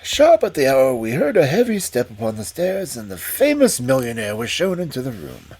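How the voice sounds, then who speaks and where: A male storyteller reading a detective tale aloud in a husky voice. His pitch swings widely as he voices the narration expressively. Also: wildly swooping pitch, moderate pace, a little mellow.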